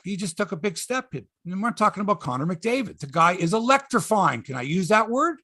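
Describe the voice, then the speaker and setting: A middle-aged man hosts a sports chat with excitable, animated storytelling. His voice sits high and swings widely, with a raspy, gravelly edge. The sound is dry and close. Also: a little fast, slight background noise. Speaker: sports podcast host.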